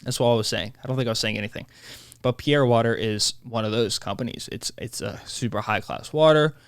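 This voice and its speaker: A man hosting his own podcast, talking in a rambling, animated monologue that keeps interrupting itself. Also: medium pitch, a little fast, clean tone, no echo. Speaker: podcast host. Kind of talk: casual solo podcast monologue.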